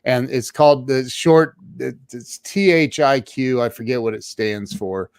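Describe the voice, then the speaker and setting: A man's voice: mid-range voice, measured pace, darkish tone, clean tone, no room sound. A man as an interview guest, telling his own story casually and emphatically, often stumbling and restarting his words.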